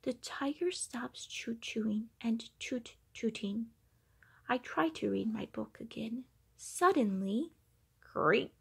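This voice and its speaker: A woman reading a children's picture book aloud, acting out the sound effects with animated delivery. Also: fairly high pitch, vocal fry, slightly rough. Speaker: storybook reader.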